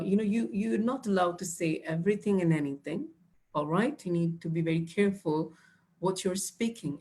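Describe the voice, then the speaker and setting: Female trainer, lower-pitched, instructive and fond of saying "dear". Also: darkish tone. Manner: instructive, addresses students as dear. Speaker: IELTS trainer. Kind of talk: live online class, answering chat.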